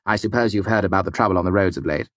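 Reading an audiobook, a man with a low, slightly bright voice talks very fast in a dry recording. He voices a weary, irritable middle-aged mayor who is curt, brusque, and exasperated.

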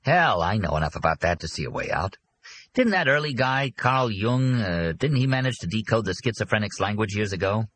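A man's voice: lowish voice, big pitch swings, fairly quick, a bit bright, husky, pitched above the performer's own voice, full character voice. A man putting on a brash, pushy businessman. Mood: excited. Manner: impatient, brash, blurting. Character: pushy excitable middle-aged businessman.

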